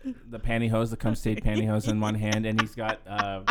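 A man's voice: on the low side, completely flat delivery, a little fast, a bit bright. A man co-hosting a podcast in casual chat, laid-back and chiming in with short agreements. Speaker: podcast co-host.

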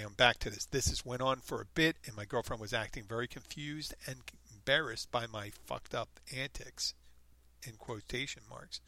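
A man reading a comic story aloud in a deadpan, playful way, acting out the quoted lines and adding his own remarks. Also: mid-range voice, no room sound. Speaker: reader of online posts.

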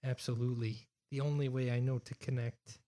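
A young man in casual movie chat, laid-back and making dry quips, often speaking quietly. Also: mid-range voice, little pitch movement, a little fast.

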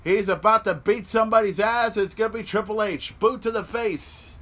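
A man hosting a podcast, giving excited watch-along commentary on a replay, swearing freely and yelling at the big moments. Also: sits high, moderate pace. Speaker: podcast host. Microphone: podcast mic.

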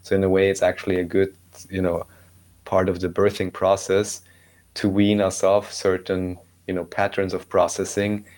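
Male guest, deep monotone voice, measured and reassuring. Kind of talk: casual conversation.

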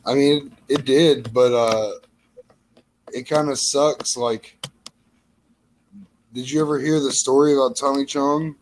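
A man trading deadpan, offbeat jokes in a casual comedic chat as a podcast co-host. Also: mid-range voice, slow pace, long pauses, slight background noise, rough recording.

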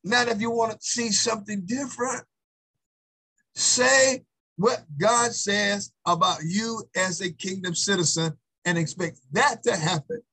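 Husky high-voiced male preacher. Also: a little slow, sharp tone, low-quality recording. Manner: emphatic, repetitive call-and-response preaching. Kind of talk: sermon.

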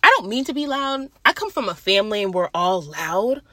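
Loud, blunt young woman podcaster. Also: mid-range voice, animated, a little fast, no echo. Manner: blunt and chatty, swears freely. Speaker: podcast host. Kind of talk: casual solo podcast chat. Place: at her workplace.

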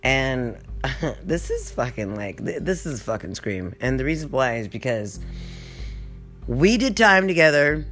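A woman's voice: a bass voice, very animated, a little slow, fairly bright tone, soft background music. A woman vlogger telling a rambling, profane story, constantly drifting off topic. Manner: rambling, profane, easily sidetracked. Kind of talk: casual rant storytelling.

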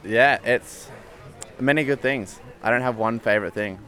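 A man's voice: mid-range voice, moderate pace, sharp tone. A young man with an Australian accent answering an interview question in an easygoing, rambling way. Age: young adult.

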